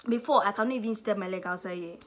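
A young Nigerian woman with a Nigerian accent telling a lively story-time vlog, acting out what people said. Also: mid-range voice, rapid-fire, a little hiss or hum. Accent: Nigerian English. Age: young adult. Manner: animated storytelling, acts out quotes. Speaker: student vlogger.

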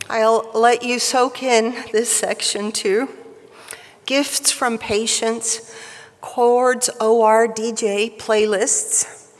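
A woman giving a prepared tribute speech at a professional society event, with a wry, measured delivery, at a podium microphone in a large hall. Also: fairly high pitch. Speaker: speaker at a surgical society event. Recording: reverberant hall.

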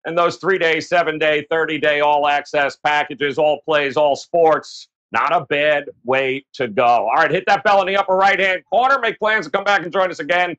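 A man hosting a sports betting show, upbeat and pitching the website between picks. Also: fairly even intonation, normal speed, hardly any pauses, a bit bright, dull audio. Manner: upbeat, plugs the website often. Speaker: show host.

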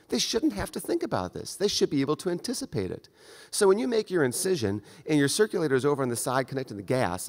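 A male surgeon lecturing to a conference audience in a direct, conversational manner, his mid-pitched voice trailing a long reverb through the lecture hall. He talks his listeners through the steps as if they stood with him in the room. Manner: conversational, direct, acts out brief exchanges.

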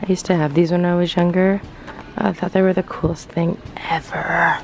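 A young woman, vlogging casually from her car and around stores, rambling and indecisive, getting excited as she talks. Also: lowish voice, normal speed, soft background music. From California. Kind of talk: casual vlog chat.

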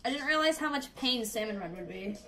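A woman doing gameplay commentary, reacting loudly with exclamations and self-conscious laughter. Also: a little high, lively intonation, a little fast, far from the mic, poor audio. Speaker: gaming YouTuber. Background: game music.

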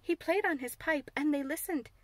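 A woman's voice: sits high, moderate pace, dry recording, pitched above the performer's own voice, natural voice. A woman voicing a blunt, curious little girl who tells things earnestly and eagerly.

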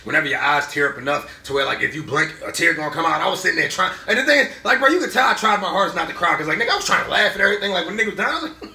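A young man giving a casual movie review, excitable and profane, often laughing through his words. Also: a little high, rapid-fire, vocal fry, far from the mic. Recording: echoey room, off-mic.

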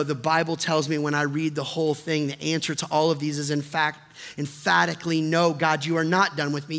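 Male pastor, high bright voice, impassioned sermon delivery, long church-hall reverb. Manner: impassioned, builds from hushed to loud. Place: church sanctuary.

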